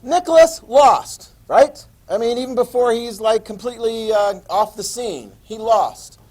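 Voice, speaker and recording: A man teaching history in a classroom, his voice sitting a bit high as he fires questions at the students, throws in jokes, and keeps the lecture animated and moving. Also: normal speed, low-quality recording. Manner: animated, quizzing students, joking asides.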